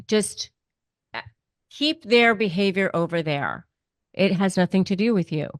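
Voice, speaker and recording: A woman's voice: mid-range voice, lively intonation, a little slow, pauses often, no echo. A woman giving conversational advice on handling manipulative people, earnest and repeating her key phrases. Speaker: narcissism expert guest.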